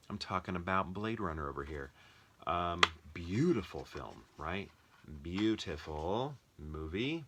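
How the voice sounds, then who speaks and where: A young American man with a low voice talks casually through his movie picks, thinking aloud and restarting sentences as he goes. His tone carries a bright, forceful edge despite the depth. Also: slight background noise. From United States. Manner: chatty, thinks aloud with many ums and restarts. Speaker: movie collector vlogger. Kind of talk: casual rambling commentary.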